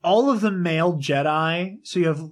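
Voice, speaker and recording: A man talking in a casual group chat, animated and swearing freely as he retells stories and reads out lines. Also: fairly high pitch, moderate pace. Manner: animated, swearing, quotes lines in dramatic voices.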